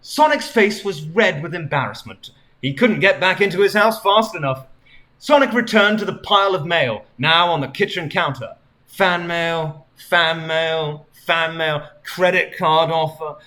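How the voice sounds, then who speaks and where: A man's voice: a little high, a little slow, pushed and bright. A male streamer reading fan fiction aloud in a mock-dramatic, chuckling way.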